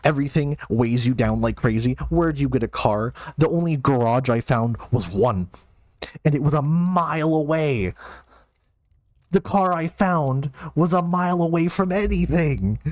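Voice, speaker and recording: A man's voice: a little high, normal speed, a little mellow, no echo, studio quality. Flustered man streaming a game. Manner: flustered, self-mocking, rambling. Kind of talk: live game stream, reading chat.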